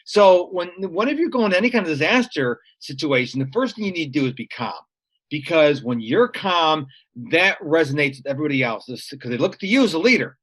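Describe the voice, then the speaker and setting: Earnest man telling stories, fairly high voice. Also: very animated, brisk, fairly bright tone. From United States. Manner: storytelling, practical and earnest. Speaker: guest. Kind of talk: conversational interview.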